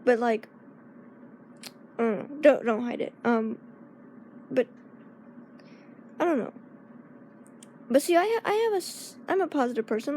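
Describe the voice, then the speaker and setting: A young woman talking casually to her viewers in a personal vlog, halting and searching for words, often laughing. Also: high voice, warm tone, a little hiss or hum. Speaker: vlogger.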